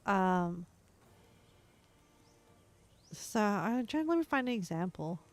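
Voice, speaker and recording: A woman's voice: medium pitch, big pitch swings, slow pace. An Australian woman streaming a game, chatting casually and rambling as she searches for words. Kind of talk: casual chat while gaming.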